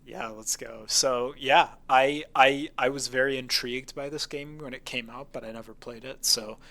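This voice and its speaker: A man's voice: medium pitch, fairly even intonation, moderate pace, pushed and bright. A man co-hosting a casual video game podcast, talking with enthusiasm and emphasis. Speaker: podcast co-host. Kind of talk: casual game review chat.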